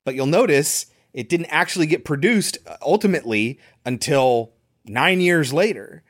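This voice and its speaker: A man's voice: a little high, normal speed. A man co-hosting a podcast, casually recapping a movie and sharing behind-the-scenes trivia. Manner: relaxed, chatty, shares trivia with fillers. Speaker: podcast co-host.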